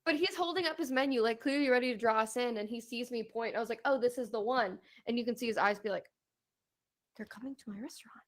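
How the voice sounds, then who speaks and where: A young woman with a fairly high voice chats as a podcast co-host. She tells a trip story in a loose, casual way, laughs often and acts out what people said. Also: quick pace, few pauses.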